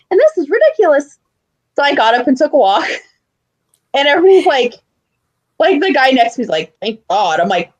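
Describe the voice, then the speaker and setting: A young woman co-hosting a podcast, telling stories in an animated way with loud outbursts and lots of swearing. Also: high-pitched. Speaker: podcast co-host. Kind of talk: casual chat.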